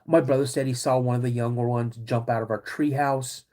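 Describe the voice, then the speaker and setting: A middle-aged man hosting a podcast, telling a personal story in an animated way, acting out quoted voices and calling his listeners "guys". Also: medium pitch, fairly quick. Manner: acts out quoted voices of his dad and himself. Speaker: podcast host.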